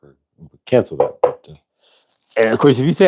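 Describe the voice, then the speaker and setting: A man's voice: mid-range voice, a little fast, no room sound. A man hosting a casual spiritual livestream, talking loosely and reading out viewers' chat messages. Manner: relaxed, rambling, reads chat aloud. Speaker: host.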